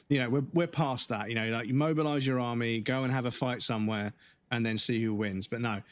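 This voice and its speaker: A man in his forties, a livestream gamer ranting casually with anger and frequent swearing, his voice going hoarse. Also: mid-range voice. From United Kingdom. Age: 40s. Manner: angry, swearing, halting restarts.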